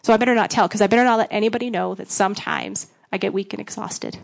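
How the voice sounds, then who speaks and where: A woman's voice: medium pitch, fast talker, creaky. A woman youth pastor, giving a frank, self-deprecating personal testimony and acting out bits of dialogue. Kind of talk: candid personal testimony talk.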